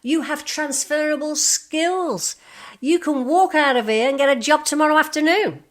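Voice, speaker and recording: A woman's voice: sits high, moderate pace, voice pushed up, natural voice. Woman putting on a blunt, bossy male manager. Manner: blunt, swearing, emphatic.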